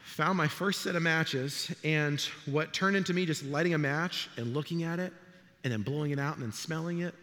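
A man's voice: fairly high pitch, moderate pace, long reverb tail. A middle-aged man, a pastor, preaching a sermon in a church and telling stories with acted-out voices. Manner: animated storytelling, acts out voices. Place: church sanctuary.

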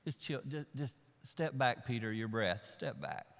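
A man preaching who voices a calm, unhurried grown man in a soft, laid-back, hushed way, in an echoey hall. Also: mid-range voice, gravelly.

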